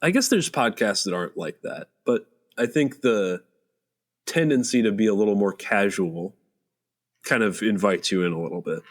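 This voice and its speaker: Lively, thoughtful young co-host. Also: male voice, on the low side, normal speed. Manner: thoughtful, explains points with dry humor. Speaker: podcast co-host, son of the host. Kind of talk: casual comedic podcast chat.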